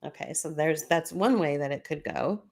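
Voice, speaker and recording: Low-voiced woman hosting a solo commentary. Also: moderate pace, slightly rough. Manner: conversational, explaining documents on screen. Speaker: podcast host.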